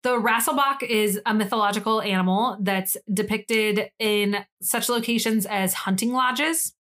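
A woman's voice: mid-range voice, a little slow, fairly bright tone. A young woman co-hosting a podcast in casual chat, rambling and giggly, swearing casually. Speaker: podcast co-host.

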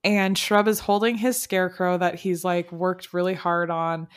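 A young adult woman co-hosting a podcast, retelling sitcom scenes in relaxed casual chat with easy laughs. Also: lowish voice, normal speed, a crowd in the background. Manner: relaxed storytelling, laughs while recounting. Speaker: podcast co-host.

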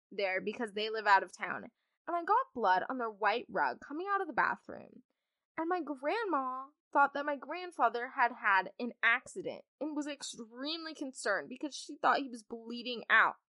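Bubbly, lively young woman podcast host. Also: fairly high pitch, no room sound, clean studio sound. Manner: bubbly, chatty, rambling with many asides. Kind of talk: casual storytime chat.

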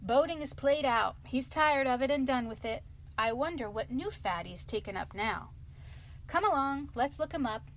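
A woman voicing a cheerful, good-natured male water rat in a storybook reading, with a brisk, lively manner. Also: high voice, slight background noise, voice pushed up.

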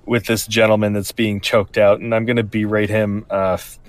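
Low-voiced man playing a tabletop game. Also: flat delivery, moderate pace, no room sound. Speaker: player. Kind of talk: casual tabletop game chat.

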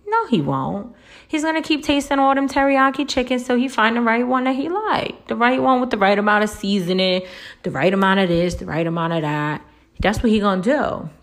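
A woman giving relationship advice in a casual monologue, blunt and profane, tagging nearly every point with a rhetorical "right?" and jumping much higher in pitch when she pushes a point. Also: fairly quick. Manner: lively, swoops up high when making a point.

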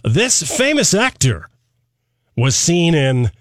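High, lively man quizzing his co-hosts. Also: slow pace, dry recording, clean studio sound. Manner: playful, animated quizmaster. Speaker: podcast co-host running a quiz. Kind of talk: casual chat.

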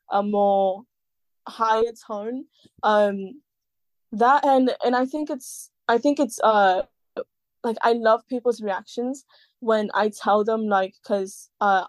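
A woman's voice: medium pitch, no room sound. A woman talking as a podcast guest in casual chat, rambling with many fillers and the odd swear word.

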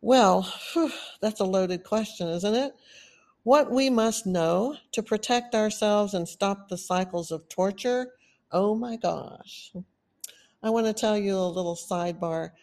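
A woman from Texas with a Texan accent, hosting a solo podcast and talking earnestly, stressing her points in drawn-out lists. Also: mid-range voice, darkish tone. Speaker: podcast host.

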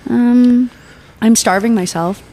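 A woman's voice: fairly high pitch, slow, mellow. A woman on a podcast as the guest, chatting casually and giggling often. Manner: giggly, playful. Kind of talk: casual chat.

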